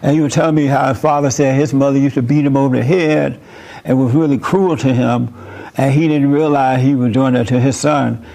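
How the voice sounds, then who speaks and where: A man's voice: mid-range voice, fairly even intonation, fairly quick, vocal fry, mellow. A man preaching a sermon to a gathered audience. He talks bluntly and with emphasis, as the host of his own call-in show. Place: room with a live audience.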